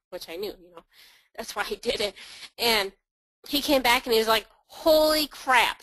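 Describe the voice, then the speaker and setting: A woman's voice: medium pitch, a bit bright, no echo, poor audio. A woman telling a business story in a chatty, blunt way, with lots of fillers and acted-out quotes. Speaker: online marketer telling a story. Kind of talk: casual storytelling.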